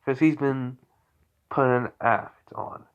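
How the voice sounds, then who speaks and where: A man's voice: mid-range voice, fairly even intonation, slow pace, clean tone, highs cut off. Tired man rambling through a story. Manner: rambling, self-correcting, many fillers. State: tired, yawning. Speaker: fan storyteller. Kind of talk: unscripted casual storytelling.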